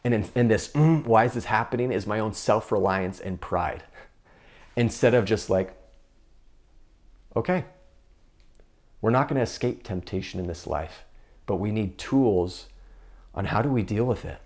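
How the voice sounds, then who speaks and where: A man's voice: on the low side, normal speed, a little mellow. A young man giving an earnest faith talk, coaching viewers through an exercise and acting out inner voices. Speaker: Catholic speaker.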